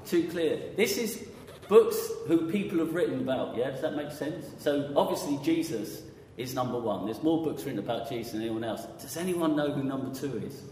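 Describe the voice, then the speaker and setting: A man's voice: mid-range voice, lively intonation, fairly quick, few pauses, mellow, a little hiss or hum. A man preaching a conversational sermon, often quizzing his audience with questions. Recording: echoey hall with long reverb.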